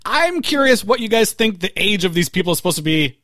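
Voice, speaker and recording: A man hosting a casual movie review podcast, animated and wry, laughing between points. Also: sits high, fast talker, dry recording, clean studio sound. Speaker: podcast host.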